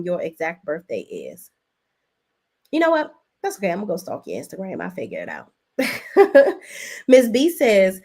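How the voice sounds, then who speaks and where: Woman doing a chatty soap recap live, talks right to her chat, casual and animated, black vibe. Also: on the low side. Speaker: host.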